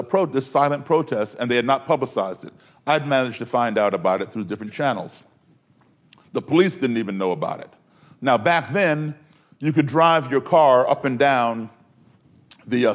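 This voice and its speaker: A man from Maryland telling a personal story in a conversational way, with fillers and restarts. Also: medium pitch. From Maryland, USA.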